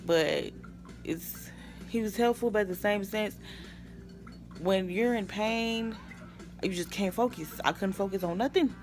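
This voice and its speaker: Brief: tired young woman, gravelly fry, rambling vlog update, faint music underneath. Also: medium pitch, a little slow, long pauses, darkish tone. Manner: tired, rambling, with sighs and yawns. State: exhausted from no sleep. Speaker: vlogger.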